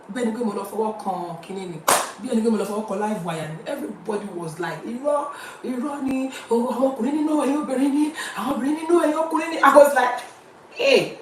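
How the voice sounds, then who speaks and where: A woman's voice: mid-range voice, slight background noise. A Nigerian woman hosting a live-streamed talk show, chatting with viewers and reading out their comments as she switches between English and Yoruba. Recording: roomy, distant mic with faint ambience.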